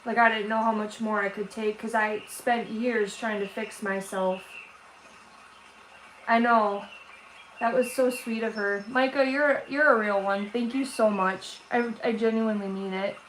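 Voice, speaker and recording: A woman hosting a casual art livestream for her viewers, tearful, talking in a halting, emotional way with many restarts. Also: mid-range voice, fairly even intonation, a bit bright. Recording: roomy echo with faint background noise.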